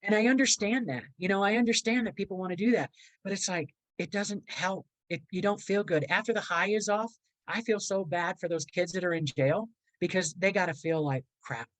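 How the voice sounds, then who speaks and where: A woman's voice: mid-range voice, brisk, dry recording, rough recording. Middle-aged woman telling an emotional story. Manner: rambling, acts out quoted voices, earnest. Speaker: podcast guest, motivational speaker.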